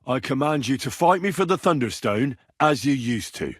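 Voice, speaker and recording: A man voicing a young medieval commoner hero, blunt and quick to swear when angered, with a husky voice. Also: medium pitch, animated, dry recording, studio quality, natural voice. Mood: angry. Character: young male medieval blacksmith's son, blunt and hot-tempered. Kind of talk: video game voice lines.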